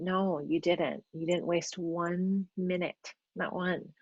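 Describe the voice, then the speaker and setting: A woman with a notably low, steady voice talks through astrology in a gentle, encouraging way, often pausing with ums. The sound is dry and a little dull, with no room around it. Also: husky, no room sound. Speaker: astrologer and podcast host. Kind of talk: casual spoken astrology reflection. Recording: slightly dull, dry recording.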